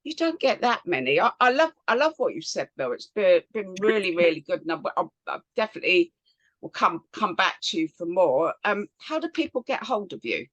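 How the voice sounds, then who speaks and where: A woman from England hosting a casual interview, a chatty, animated storyteller talking over a video call. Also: on the low side, a little fast, no room sound, highs cut off. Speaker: host.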